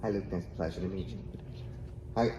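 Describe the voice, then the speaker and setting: A man hosting as a stage hypnotist, with a playful, coaxing delivery that jumps into excited exclamations. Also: deep voice, fairly quick, lo-fi sound, background noise. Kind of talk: playful live hypnosis demo. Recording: roomy echo.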